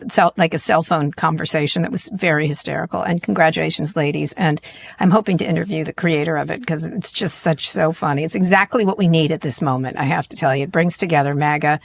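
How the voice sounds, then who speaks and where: A woman's voice: sits low, quick pace, gravelly. Blunt, profane woman podcast host. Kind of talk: casual opinionated chat.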